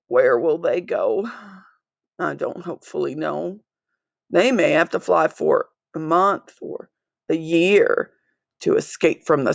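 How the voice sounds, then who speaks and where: A small, gruff old creature scolds in a croaky, coughing voice, as a woman puts him on for a storybook reading. He talks slowly with a gravelly edge. The sound is dry and close. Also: low-pitched, dry recording, heavily acted. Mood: mournful. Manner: scolding, indignant.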